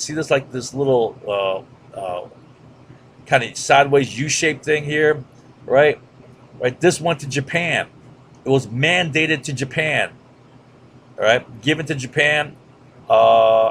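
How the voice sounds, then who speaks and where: A man's voice: medium pitch, creaky, slight background noise. A man giving a casual history lecture over a map, with lots of fillers and "right?" checks. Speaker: history teacher.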